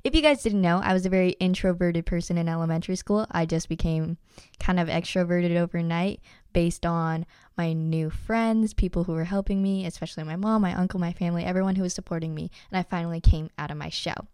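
A woman's voice: on the low side, fairly even intonation, a little fast, a little mellow, smooth, no room sound, studio quality. A young adult woman hosting a motivational podcast, talking earnestly and encouragingly to her listeners. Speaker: podcast host.

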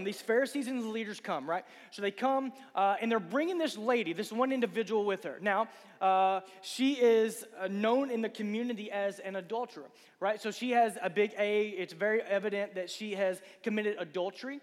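A man preaching a casual youth sermon, asking the crowd rhetorical questions and acting out quick voices. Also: high-pitched. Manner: acts out voices of Bible figures and listeners. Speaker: youth pastor. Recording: long hall reverb.

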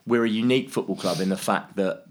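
A man's voice: on the low side, fast. A man in his thirties, a guest talking frankly in a casual conversation, with many fillers and restarts. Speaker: podcast guest, bereaved father and teacher.

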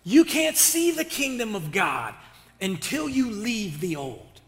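A man's voice: high voice, wildly swooping pitch, slow pace. A male pastor preaching an impassioned sermon with casual, slangy talk and call-and-response to his church. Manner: colloquial, slangy. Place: church sanctuary. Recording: reverberant hall.

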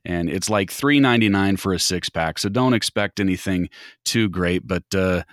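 A man's voice: deep voice, normal speed, no room sound, clean studio sound. A man from the American Midwest chatting casually as a podcast guest, rambling and often restarting his words. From Midwest United States. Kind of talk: casual chat.

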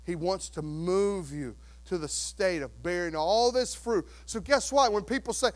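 A male pastor preaching a sermon, telling a story with acted-out voices and dropping to hushed, earnest tones. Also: a little high, animated, moderate pace.

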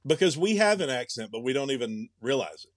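A man's voice: medium pitch, very animated, fast talker, no room sound, studio quality. A young man co-hosting a podcast, chatting casually and thinking aloud with many restarts. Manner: rambling, musing, with frequent restarts. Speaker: podcast co-host. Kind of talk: casual chat.

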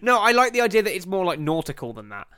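A man's voice: sits high, big pitch swings, fast, bright, forceful tone, dry recording, studio quality. A man co-hosting a casual comedy podcast, riffing and laughing as he goes and swearing freely. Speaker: podcast co-host.

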